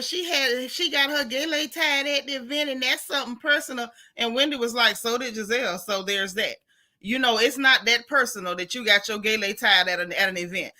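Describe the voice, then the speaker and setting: Florida lady on a livestream reading chat, sassy n blunt, kinda high voice. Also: pushed and bright. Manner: sassy, blunt, repeats her punchlines. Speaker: live-stream host. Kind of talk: live-stream commentary reading chat.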